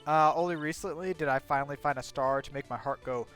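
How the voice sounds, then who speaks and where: A man doing shrill bossy old lady Oldbag. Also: fast talker, a bit bright, faint music behind, lightly acted. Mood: scolding. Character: cranky nosy old woman, loud and scolding.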